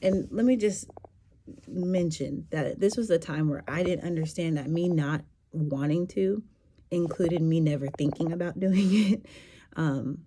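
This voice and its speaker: Woman with a deep warm voice, chatty and candid, just rambling thru a story. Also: measured pace, slight background noise. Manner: candid, rambling, laughs often. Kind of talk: casual storytelling monologue.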